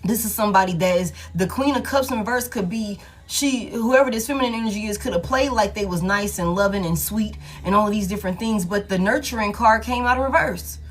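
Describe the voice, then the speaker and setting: A woman's voice: medium pitch, a little fast, few pauses. A woman doing a casual tarot reading. She talks bluntly, swears freely and repeats her lines. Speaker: tarot reader.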